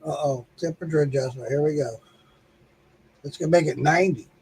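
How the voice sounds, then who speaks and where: A man's voice: a little high, fairly quick, a little mellow, slightly rough, poor audio. A man co-hosting a casual livestream chat, joking and teasing and laughing often.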